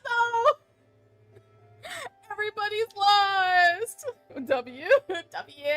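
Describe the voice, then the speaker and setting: Squealing, high-pitched bubbly woman streamer. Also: sharp tone. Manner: bubbly, squealing, lots of laughing. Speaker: VTuber streamer. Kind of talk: casual live-stream chat.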